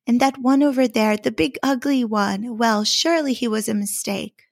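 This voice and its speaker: A woman's voice: a little high, moderate pace, gravelly, no room sound, clean studio sound. A woman voicing a haughty queen duck who speaks with scorn. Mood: scornful.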